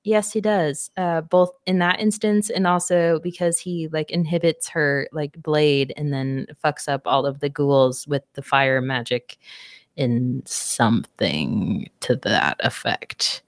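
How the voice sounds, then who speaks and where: A young adult woman co-hosting a book club podcast, retelling a plot in casual, profane chat with quick asides. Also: low voice, dry recording, clean studio sound.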